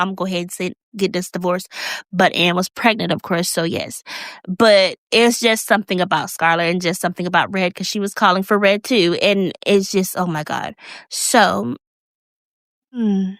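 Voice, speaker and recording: A woman talks through a recap in a loose, chatty way. She retells scenes with lively asides and acted-out quotes, at a middle pitch. The sound is close and dry, with no room around it. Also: no echo. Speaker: video recap host. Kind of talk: casual recap review.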